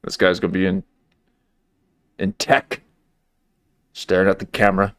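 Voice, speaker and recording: A man's voice: low-pitched, completely flat delivery, a little slow, fairly bright tone, clear, resonant tone, no room sound. A man hosting a comedy commentary livestream, talking in a wry, rambling way with lots of fillers and restarts.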